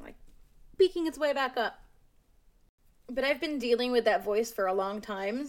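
A young woman vlogging, speaking candidly and with emphasis, firm in her opinions as she talks to her viewers. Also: fairly high pitch. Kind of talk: casual commentary to camera.

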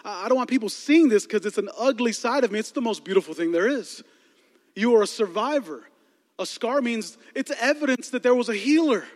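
A man's voice: extremely high pitch, animated, brisk. A man preaching a sermon as a pastor, telling comic stories with asides to the congregation. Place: large church hall. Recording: long hall reverb.

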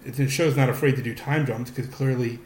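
A man's voice: mid-range voice, fairly even intonation, a little fast, darkish tone. A man co-hosting a podcast in casual chat, rambling with frequent restarts and fillers. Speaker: podcast co-host. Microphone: podcast microphone. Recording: echoey room with faint noise.

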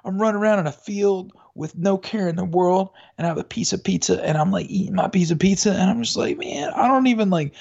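A man's voice: high-pitched, fairly even intonation, fast talker, vocal fry, hardly any pauses, darkish tone. A man chatting casually as a podcast co-host, telling a rambling story full of fillers and restarts. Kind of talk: casual chat. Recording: dull lo-fi audio.

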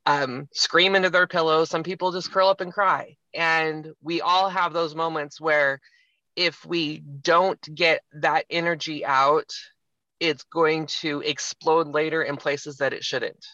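Bright, tense voice on muffled audio. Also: male voice, fairly high pitch, steady tone, a little slow, dry recording. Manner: reflective, retells a film scene in detail. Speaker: podcast guest. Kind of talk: casual conversation, storytelling. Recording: slightly muffled, lo-fi.

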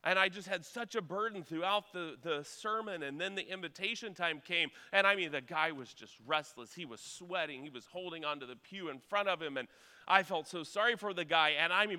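A man's voice: sits high, fairly quick, pushed and bright, in a large hall. A man preaching a sermon in a church, telling a story earnestly and urging his listeners on. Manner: earnest storytelling, rising to urgent exhortation.

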